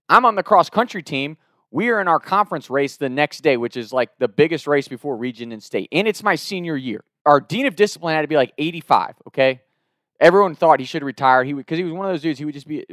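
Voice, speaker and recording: A young man tells a personal story in a loose, profane, animated way, acting out each quote. His voice sits fairly high. The sound is dry and close. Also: dry recording. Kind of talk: casual personal anecdote.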